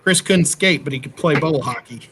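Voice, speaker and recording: A man's voice: fairly high pitch, a little fast. Chatty man, light hiss. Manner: rambling, chatty storyteller. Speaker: livestream co-host. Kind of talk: casual livestream chat.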